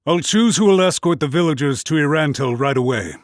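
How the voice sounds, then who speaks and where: A stern male soldier with firm, clipped lines, as a man voices him. His voice sits a little higher than usual and sounds close and dry. It is an audiobook character. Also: expressive, fairly quick, dry recording, close to an everyday voice. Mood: resolute.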